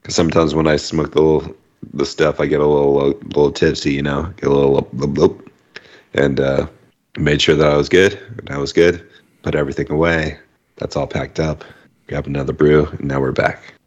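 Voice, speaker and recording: A man's voice: very deep voice, little pitch movement, a little fast. A man co-hosting a podcast, telling a rambling story in a laid-back, casual way. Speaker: podcast co-host. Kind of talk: casual chat. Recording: dull lo-fi sound.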